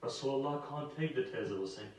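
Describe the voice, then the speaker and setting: A man delivering a sermon, telling a sacred story with deep emotion and rising into emphatic pleas. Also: quick pace, a little mellow, slight background noise. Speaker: preacher. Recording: roomy, from far off the mic.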